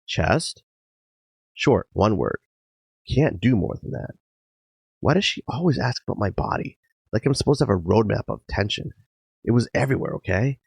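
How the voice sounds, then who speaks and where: Gravelly low-voiced man narrating intensely. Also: normal speed, dry recording. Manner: intense, emotional, swinging between quiet and sudden loud outbursts. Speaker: podcast host. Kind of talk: dramatic first-person narration. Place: garage.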